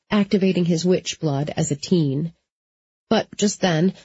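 A woman narrating a novel in the first person at a measured, steady pace, in a dry, slightly dull recording. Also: lowish voice, breathy edge, dry recording. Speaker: audiobook narrator.

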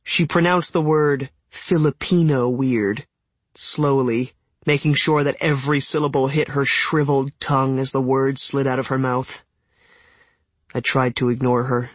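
Husky man narrating an audiobook. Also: medium pitch, little pitch movement, unhurried, no echo. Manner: wry, conversational storytelling. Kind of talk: scripted first-person narration.

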